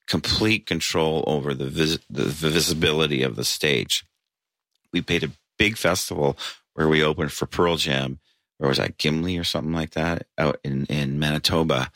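A man with a very deep, forceful voice rambles through band stories, full of restarts and fillers. The sound is dry and close, recorded in a tavern basement. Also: gravelly, dry recording. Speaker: band member interviewed. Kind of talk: casual interview storytelling.

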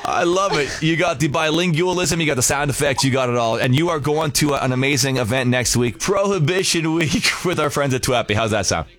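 A man's voice: on the high side, brisk, hardly any pauses, a bit bright. A man co-hosting a morning radio show, talking in casual, playful banter and laughing often.

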